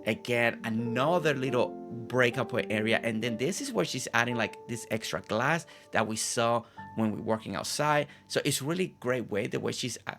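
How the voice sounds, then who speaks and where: A man with a gravelly, creaky voice at a middle pitch talks through a game home tour in a casual, admiring way. He often says things twice for emphasis. Soft music plays faintly underneath. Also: normal speed, few pauses. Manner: admiring, repeats phrases for emphasis. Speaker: gaming channel host. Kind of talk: casual gameplay commentary.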